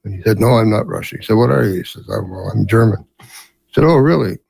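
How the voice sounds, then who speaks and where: A man's voice: on the low side, expressive, fast talker, creaky, a little mellow, husky, no room sound. A man in his seventies who grew up in Canada, telling family stories as an interview guest in a rambling way with many fillers. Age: 70s. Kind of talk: storytelling in a casual interview.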